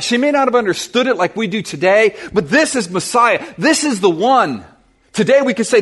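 Pastor guy preaching, husky voice, pitch all over the place, high-ish. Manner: animated storytelling preacher, asks the congregation questions. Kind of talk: sermon.

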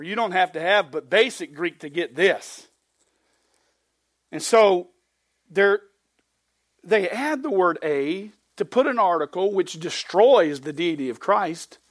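A man's voice: high voice, fairly bright tone, no room sound. A man preaching a verse-by-verse sermon, reading scripture aloud with rising emphasis and dropping into plainspoken, folksy asides. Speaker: pastor. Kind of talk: expository sermon.

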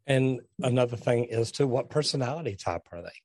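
Direct, animated man, dry close sound. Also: mid-range voice, a little fast, no room sound. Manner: direct, animated, acts out quoted dialogue. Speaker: guest, trade business owner. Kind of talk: casual podcast conversation.

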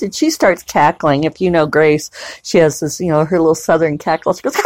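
A woman's voice: lowish voice, expressive, normal speed, darkish tone, no room sound. A woman novelist chatting casually at home in a rambling, digressive way, with plenty of fillers. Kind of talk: casual vlog chat.

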